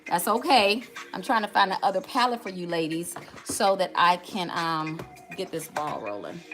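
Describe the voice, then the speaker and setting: A woman's voice: fairly low pitch, lively intonation, normal speed, a bit bright, faint music behind. A middle-aged woman hosting a casual live makeup tutorial, chatty, greeting viewers by name and calling out to "y'all". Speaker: makeup livestream host.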